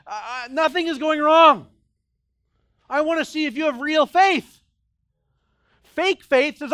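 High-voiced man preaching with dramatic swings. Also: expressive, moderate pace. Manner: dramatic, acts out voices, swings from loud to quiet. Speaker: pastor. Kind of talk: sermon.

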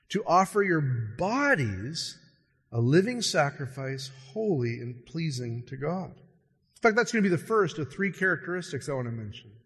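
A pastor preaching a sermon, lively and emphatic, slowing down on key words and hurrying through asides. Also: male voice, on the high side, husky, big-room sound. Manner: animated preaching, swinging between slow stressed words and quick asides.

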